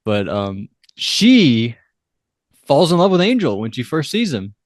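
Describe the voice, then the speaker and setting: A man co-hosting a film and TV podcast, rambling through an episode recap and correcting himself as he goes. His voice sits in a mid range and drops lower when he quotes characters. The recording is close and dry. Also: big pitch swings, a little slow, no echo. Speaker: podcast co-host. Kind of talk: casual chat recapping a TV episode.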